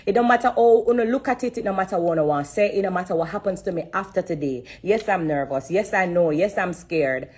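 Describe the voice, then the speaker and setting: Low husky woman, earnest. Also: fairly quick, few pauses, darkish tone. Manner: earnest, repetitive, fighting back tears. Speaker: livestream host. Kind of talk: emotional live-stream testimony.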